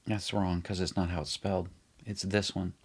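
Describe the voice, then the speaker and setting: A man's voice: sits low, little pitch movement, moderate pace, slightly rough. A middle-aged man teaching an online Bible study in a chatty way, explaining things as he writes them out on the screen. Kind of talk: casual online Bible lesson.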